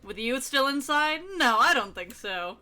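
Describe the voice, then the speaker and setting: A woman's voice: high-pitched, lively intonation, a little slow, bright, forceful tone, exaggerated voice. A woman doing a stiff old-time secret agent. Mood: defiant. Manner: transatlantic-style put-on diction.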